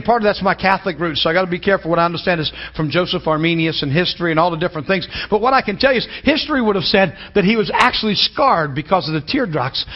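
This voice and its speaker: Male pastor mid-sermon, animated and emphatic, husky high voice on a dull, lo-fi recording. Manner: animated preaching, rising to loud emphatic peaks.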